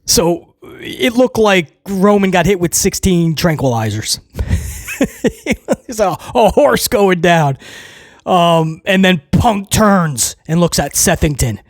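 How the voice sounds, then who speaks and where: Guy doing a casual wrestling recap, kinda high voice, gets excited and trips over his words, dry mic. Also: slow, dry recording. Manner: excitable, rambling with restarts and chuckles. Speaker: wrestling show reviewer.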